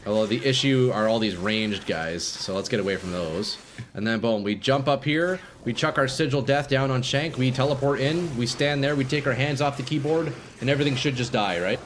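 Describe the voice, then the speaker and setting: A man's voice: medium pitch, a little fast, slight background noise. A young man streaming a game live, chatting casually with viewers and swearing freely. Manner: laid-back, swears freely, chats with viewers.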